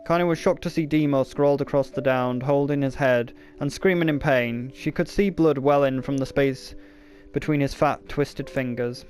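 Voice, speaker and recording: A man's voice: mid-range voice, fairly even intonation, normal speed, darkish tone, soft background music. A man casually reading a novel aloud, often stumbling and restarting words, with the odd joking aside. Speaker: reader.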